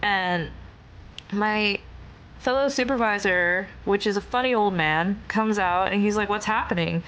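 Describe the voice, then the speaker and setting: A young woman tells a story on stream in a loose, animated ramble, full of fillers and the odd curse. Her voice sits in a middling pitch. A faint hiss runs under the recording. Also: a little slow. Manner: animated, lots of "like" fillers, swearing and laughing. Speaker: VTuber streamer.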